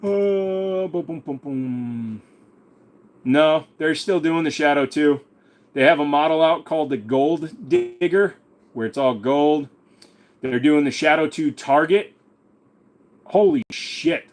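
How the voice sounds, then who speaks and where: A man's voice: a little high, measured pace, long pauses. A male host in a casual livestream chat, laid-back, joking and profane.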